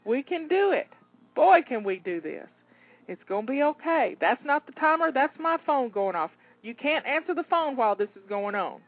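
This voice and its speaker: A woman's voice: high voice, sing-song, moderate pace, no echo. A woman coaching listeners through timed cleaning tasks, cheering them on with encouraging, repeated rallying phrases. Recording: phone-like narrow dry sound.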